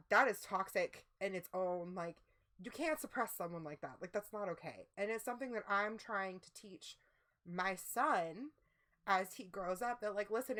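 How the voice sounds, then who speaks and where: A woman talks casually as co-host of a livestream. Her speech rambles and circles back, full of "like" and "you know." Her voice sits at an ordinary middle pitch. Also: bright, forceful tone. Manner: rambling, heavy use of "like".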